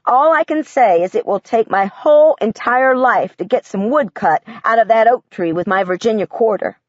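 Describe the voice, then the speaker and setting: Woman, audiobook narrator, earnest, matter-of-fact, lively pitch, dry, slightly dull. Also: normal speed, no echo. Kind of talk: first-person audiobook narration as a young girl.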